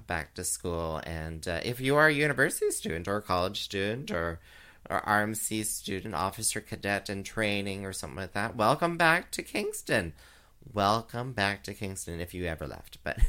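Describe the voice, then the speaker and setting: A man doing drag, hosting a chat show, talking casually with many fillers and giggles, and jumping into high sing-song voices. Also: sharp tone. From Canada. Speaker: drag queen radio show host. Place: home, recorded live.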